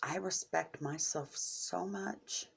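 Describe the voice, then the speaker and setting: A middle-aged woman talking candidly and earnestly to her viewers, openly emotional, in short halting phrases. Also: lowish voice, creaky, husky. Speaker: vlogger sharing coping skills. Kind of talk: candid personal talk to camera.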